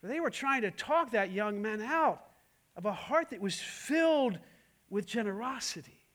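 High-voiced male pastor, emphatic sermon delivery, full of rhetorical questions. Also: expressive, normal speed. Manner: emphatic, swings between loud and hushed, many rhetorical questions.

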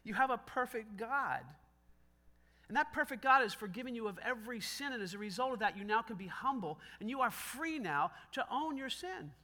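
A male pastor with a high voice delivers a conversational sermon, and his tone is very bright and sharp. He acts out snatches of dialogue as he preaches and pokes gentle fun at himself. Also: lively intonation, brisk. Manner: self-deprecating humor.

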